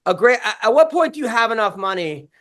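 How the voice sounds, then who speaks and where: Here a man hosts a podcast, spinning profane, meandering stories with lots of restarts in casual talk. He has a high, slightly bright voice, lively delivery and a quick pace.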